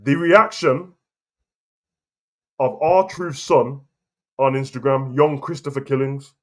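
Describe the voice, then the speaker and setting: On his casual wrestling opinion show, this host speaks slowly in a mid-range voice with fairly even intonation. Ranting to camera, he presses his argument with heat and repetition.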